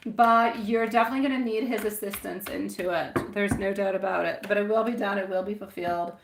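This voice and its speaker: A woman's voice: medium pitch, fairly even intonation, a little fast, hardly any pauses, a bit bright. A woman giving a live-stream tarot reading, chatty and affectionate, often laughing at herself.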